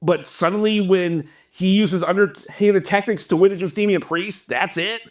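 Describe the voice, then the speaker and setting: High-voiced man ranting, all riled up. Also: normal speed. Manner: animated, exasperated ranting. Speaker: wrestling channel host. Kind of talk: opinion rant to camera.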